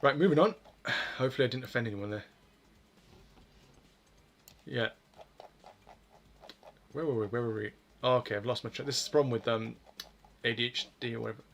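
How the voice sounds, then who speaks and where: A man's voice: mid-range voice, fairly quick, vocal fry, pauses often, a bit bright. A man chatting loosely as he codes live on stream, swearing freely and poking fun at himself. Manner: rambling, swears freely, self-deprecating. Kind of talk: casual stream chatter while coding.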